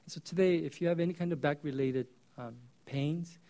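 Conversational male pastor with a higher voice. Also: fairly quick. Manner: conversational storytelling, swinging between loud and hushed. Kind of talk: sermon.

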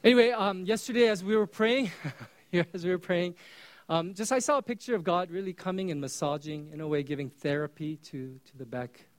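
A male pastor preaching a sermon in a conversational storytelling way, swinging between loud bursts and hushed asides. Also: sits high, fairly quick.

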